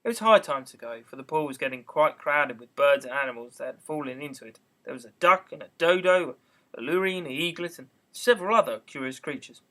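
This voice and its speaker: High-voiced man reading a storybook aloud. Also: fairly quick. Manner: steady storytelling with small stumbles. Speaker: narrator. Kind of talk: amateur audiobook reading.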